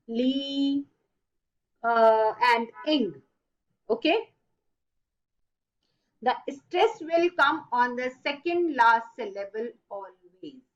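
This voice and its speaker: A woman teaching an online class, repeating rules slowly and stressing key words. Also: sits high, highs cut off. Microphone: online video call.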